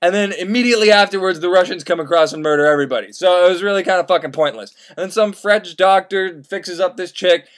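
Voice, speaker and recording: A young man retelling a classic story as comedy in a rambling, profane, excitable way. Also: high-pitched, fast, hardly any pauses. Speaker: host.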